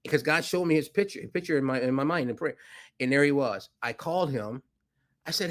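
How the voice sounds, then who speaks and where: A man, a podcast guest who is a financier, telling a story with animated delivery and acting out voices in it. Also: a little fast. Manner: acts out dialogue with rising pitch, laughs often.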